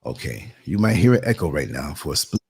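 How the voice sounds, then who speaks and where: A man's voice: a bass voice, big pitch swings, fairly quick, creaky, breathy edge. A man with a New York accent hosting a live online talk show, chatting casually and laughing often while he works the computer.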